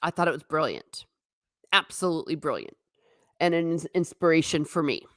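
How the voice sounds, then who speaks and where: A woman with a low-pitched voice chats her way through a TV review on a live stream, slipping into the characters' lines as she retells scenes. The sound is dry and close, with no room echo. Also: moderate pace. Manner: animated, acts out quotes from scenes. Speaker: TV show reviewer.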